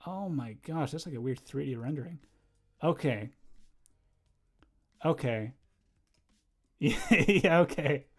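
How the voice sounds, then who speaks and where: A young man chatting casually on a livestream while he draws, rambling and easily distracted, laughing often and bursting into loud excited exclamations. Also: on the high side, slow pace, pauses often. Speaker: livestreaming animator.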